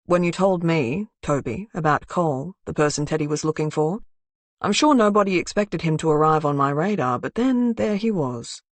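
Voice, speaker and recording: A woman voicing a calm, menacing male crime boss in an audiobook, speaking in a cool, measured and quietly threatening way. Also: on the high side, no room sound.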